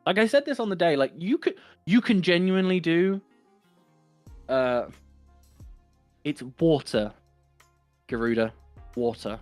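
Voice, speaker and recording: A man's voice: high-pitched, animated, moderate pace, pauses often, dry recording, soft background music. Profane East London man, dry sound. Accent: London East End. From England. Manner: rambling, profane, frequent ums and restarts. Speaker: podcast co-host. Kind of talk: casual chat.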